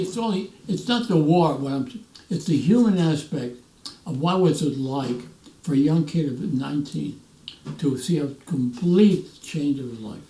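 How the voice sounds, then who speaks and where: A man in his nineties, a veteran, telling animated stories in an interview and acting out the voices of others. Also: a little high. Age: 90s. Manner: animated storyteller, acts out quoted voices, restarts often. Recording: roomy echo, mic at a distance.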